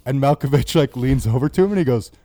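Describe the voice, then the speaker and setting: A man's voice: medium pitch, fast talker, mellow, no room sound, clean studio sound. A man in a casual movie discussion, telling a behind-the-scenes anecdote and swearing freely.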